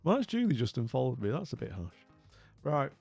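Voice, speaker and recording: A man's voice: medium pitch, big pitch swings, a little fast, gravelly, darkish tone, breathy edge, soft background music. A British man hosting a live stream, chatting casually with viewers in a rambling, self-mocking way. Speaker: streamer host.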